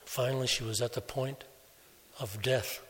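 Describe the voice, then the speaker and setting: A man preaching a sermon, telling a story slowly and deliberately, softening his voice for quoted speech. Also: mid-range voice, steady tone, a little hiss or hum. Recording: long hall reverb.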